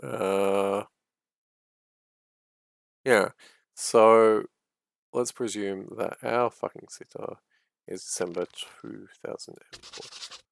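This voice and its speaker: A man's voice: fairly low pitch, creaky, dry recording, studio quality. A man casually reading a narrative game aloud and musing about it as he goes, swearing freely. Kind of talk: casual playthrough commentary.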